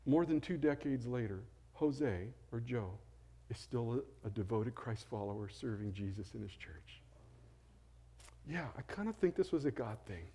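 Mellow-voiced middle-aged pastor telling stories. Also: male voice. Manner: conversational storyteller, drops soft and low for quoted lines. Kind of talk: storytelling sermon.

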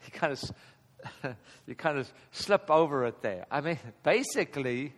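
A man in his fifties teaching a Bible passage in a relaxed, conversational way, chuckling often and getting animated at key points. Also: on the high side, unhurried. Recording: long hall reverb.

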